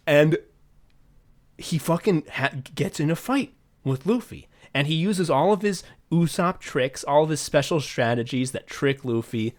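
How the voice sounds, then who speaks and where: A man co-hosting a podcast, retelling a story in casual chat with lots of excited swearing. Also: a little high, unhurried. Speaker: podcast co-host.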